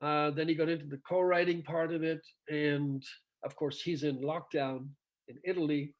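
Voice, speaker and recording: A man's voice: a little high, fairly even intonation, moderate pace. A middle-aged male rock singer telling stories in a casual interview over a video call, acting out quoted dialogue and laughing often.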